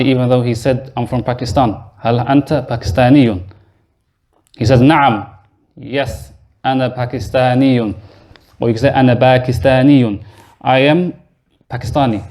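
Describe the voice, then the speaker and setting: Male teacher, mid-pitched, leads a beginners' class in a mosque classroom, explains patiently and quizzes students. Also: warm tone. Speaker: Arabic teacher. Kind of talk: classroom lesson.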